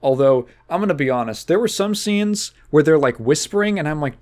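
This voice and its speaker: A man's voice: fairly high pitch, animated, a little fast, darkish tone. A young man hosting a casual podcast, rambling loosely with lots of fillers and the odd curse. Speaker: podcast host. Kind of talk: casual chat.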